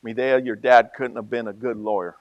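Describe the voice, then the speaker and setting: A male pastor preaching a sermon in a conversational way, moving from soft asides to loud, emphatic peaks. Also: mid-range voice, fairly even intonation, a little fast, no room sound, highs cut off.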